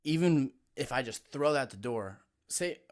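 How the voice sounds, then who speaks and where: A young man co-hosting a podcast, telling an animated, swearing story and acting out the people in it. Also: medium pitch, normal speed. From Aloha, Oregon. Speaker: podcast co-host. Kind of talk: casual chat.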